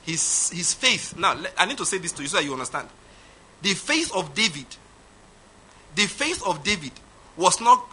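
A man's voice: fairly high pitch, animated, brisk, sharp tone, a little hiss or hum. A man preaching an emphatic sermon, repeating his points. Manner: emphatic, repetitive, laughs at his own points. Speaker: pastor.

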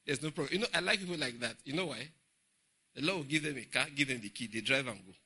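A middle-aged man with a Nigerian English accent preaching a humorous, animated Bible study sermon in church. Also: medium pitch, fast, husky. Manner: humorous, laughing, animated storytelling. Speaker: pastor.

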